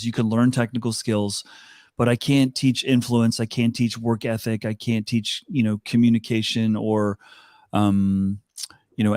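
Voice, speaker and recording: A man's voice: medium pitch, darkish tone, no echo. An older man speaking as an interview guest, earnest and thoughtful, with fillers and restarts. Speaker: guest, talent advisor. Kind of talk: reflective interview talk.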